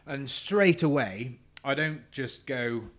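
A man with a rural Herefordshire accent chats on a podcast. He is frank, self-mocking and swears freely while he tells a story in a relaxed, casual way. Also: mid-range voice, slow pace. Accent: Herefordshire English. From England. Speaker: podcast guest.

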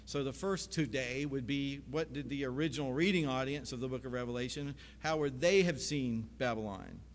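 A man's voice: medium pitch, normal speed, a little hiss or hum. Male pastor, conversational sermon delivery that swells to emphatic proclamation; long hall reverb. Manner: conversational teaching, rising to emphatic proclamation on quoted scripture.

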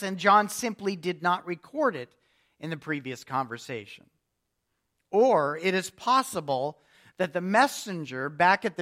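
High-voiced man preaching a sermon. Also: bright, forceful tone. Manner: expository preaching, reads scripture aloud with emphasis. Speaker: pastor.

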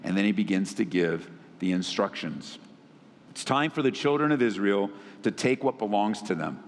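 A man preaching a sermon as pastor, animated and swinging his pitch widely. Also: normal speed. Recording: long reverb of a big hall.

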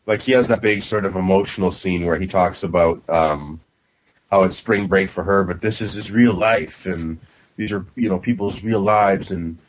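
A man's voice: deep voice, moderate pace, low-quality recording. A man co-hosting a casual movie review podcast, blunt and profane, sounding exasperated. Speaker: podcast co-host.

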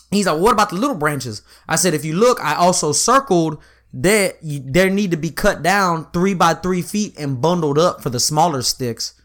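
Speaking in a fairly high voice, a young man tells a long work story during a casual chat. He's animated and profane, acts out the quoted lines, and keeps filling gaps with "you know what I'm saying."

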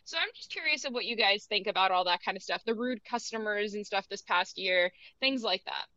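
A woman's voice: mid-range voice, animated, a little fast, pushed and bright, no room sound, muffled recording. A young woman co-hosting a college radio show, chatting casually with lots of "like" fillers. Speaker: radio co-host.

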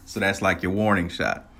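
A man casually telling a personal story, animated, laughing often and swearing freely. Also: deep voice.

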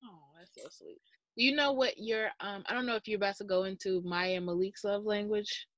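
A woman's voice: medium pitch, fairly quick, a bit bright, no room sound. Joking woman co-host, dry close sound. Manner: joking, informal, trailing off. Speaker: podcast co-host. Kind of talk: casual podcast chat.

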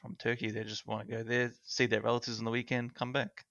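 A man's voice: mid-range voice, monotone, fast, fairly bright tone, dry recording. A young man, chatting bluntly and casually as a podcast co-host. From Australia. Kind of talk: casual chat. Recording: dull dry sound.

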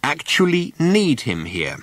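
Brief: scheming smooth-talker, male, calm and patient, playful rise and fall, read by the male narrator. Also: fairly high pitch, fairly quick, no echo, pitched above the performer's own voice. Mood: persuasive. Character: cunning, patient man talking circles around an official.

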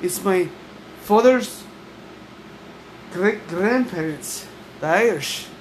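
A tipsy woman argues in a mock Irish-Scottish accent, swearing freely and talking over her partner. Her pitch swings widely while her pace stays slow and drawn out. An air conditioner hums steadily behind her. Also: expressive. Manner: profane, combative, talks over others. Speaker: podcast co-host. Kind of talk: casual argumentative chat. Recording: noisy room with humming air conditioner.

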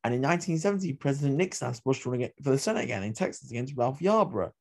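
A man's voice: mid-range voice, expressive, racing, creaky. A man hosting a history podcast, retelling events with passionate, opinionated asides. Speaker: podcast host.

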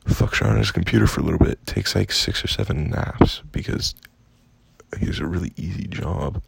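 A young man venting in a casual storytime rant, profane and exasperated, with a gravelly, husky voice. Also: deep voice, a little fast, a little hiss or hum. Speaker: vlogger.

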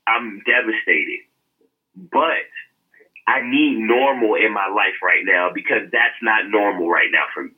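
Male podcast co-host with a sharp, raspy voice, telling his story earnestly and casually over a thin, phone-like line. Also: lowish voice, unhurried. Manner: earnest storytelling with frequent laughs and fillers.

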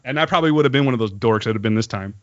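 A man telling a story in casual podcast chat. He is animated, swears, and laughs as he talks. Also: mid-range voice, racing, no echo. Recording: dull, lo-fi recording.

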